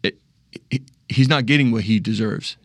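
A man's voice: fairly low pitch, normal speed, no room sound, studio quality. A young man talking casually and earnestly about faith, often restarting his sentences. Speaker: discussion panelist.

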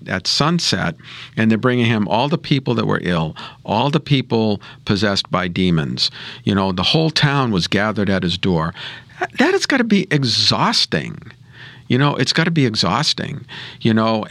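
A man's voice: medium pitch, fairly bright tone, no room sound. A man giving an earnest, conversational reflection on scripture and prayer, often repeating words and saying "you know.". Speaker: co-host of a Catholic scripture reflection show.

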